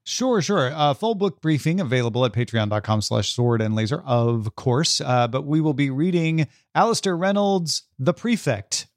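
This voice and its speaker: An American man co-hosting a casual podcast, with a wry, matter-of-fact delivery. His voice has a middling pitch and comes across dry and close, with no room sound. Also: expressive, moderate pace, few pauses, no room sound. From United States. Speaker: podcast co-host.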